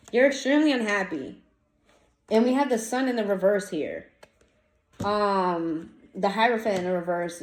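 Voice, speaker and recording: A woman giving a casual tarot reading straight to her viewers, blunt and animated, swearing freely in slangy talk. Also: mid-range voice. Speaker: tarot reader. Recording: echoey room, faint noise.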